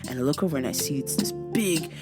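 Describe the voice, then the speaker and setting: A woman's voice: low voice, quick pace, loud music behind the voice. A woman hosting a casual show, telling crude comedic stories with lots of laughter. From African. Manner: crude, laughing, animated storyteller. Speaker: podcast host.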